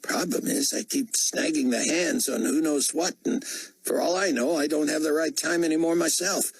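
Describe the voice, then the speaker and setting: Man voicing a fussy chatty executive, much higher voice, smooth tone, audiobook. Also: animated, normal speed, no room sound, heavily acted. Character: fussy male executive fiddling with his watch.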